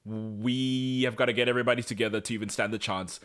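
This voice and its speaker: A man co-hosting a podcast, recapping a TV episode in casual chat and acting out the characters' lines in quick voices. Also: mid-range voice, fairly even intonation, a bit bright, smooth. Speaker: podcast co-host.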